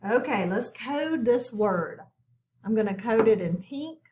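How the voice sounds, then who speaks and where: Slow, patient woman teaching phonics. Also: on the high side, expressive, darkish tone, echoey room, a little hiss or hum. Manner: patient, step-by-step instruction. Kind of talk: recorded video lesson.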